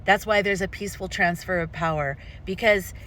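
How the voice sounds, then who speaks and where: Bright-voiced, impassioned woman vlogger. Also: lowish voice, brisk, a little hiss or hum. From United States. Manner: impassioned, rambling with frequent restarts. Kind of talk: personal opinion vlog.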